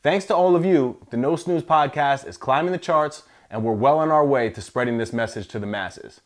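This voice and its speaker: A man's voice: medium pitch, normal speed. A man reading a scripted podcast announcement in an upbeat, promotional way. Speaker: podcast host.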